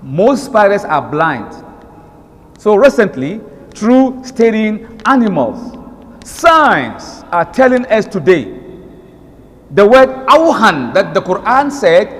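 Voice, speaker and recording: Nigerian male preacher, high lively voice, emphatic delivery, hall echo. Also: slow pace. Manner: animated, emphatic, switches into recited Arabic verses. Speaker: Islamic preacher. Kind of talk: sermon. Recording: long reverb of a hall.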